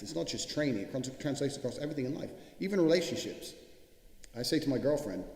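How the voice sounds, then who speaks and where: A man's voice: mid-range voice, a little mellow. A man giving a blunt, profane motivational monologue with heavy emphasis. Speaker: motivational speaker. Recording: echoey, reverberant room sound.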